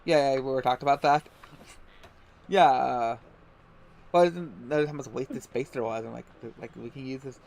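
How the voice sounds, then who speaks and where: A man's voice: medium pitch, moderate pace, gravelly, pauses often, darkish tone. Rambling male streamer chatting while gaming. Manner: rambling, self-correcting, joking. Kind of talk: casual gaming chat.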